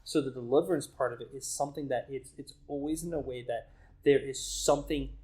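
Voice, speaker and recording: A man's voice: mid-range voice, mellow, poor audio. A man hosting a casual talk show, speaking about faith with earnest conviction. He often stops and restarts his sentences as he reaches for the right words. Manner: earnest, halting, with many restarts. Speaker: podcast host.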